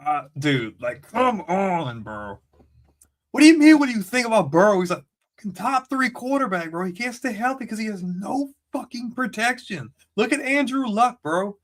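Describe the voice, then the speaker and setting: A man's voice: high voice, normal speed. A man co-hosting a casual football podcast, ranting heatedly and cursing a lot. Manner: heated, profane, animated ranting. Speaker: podcast co-host. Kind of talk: casual sports chat.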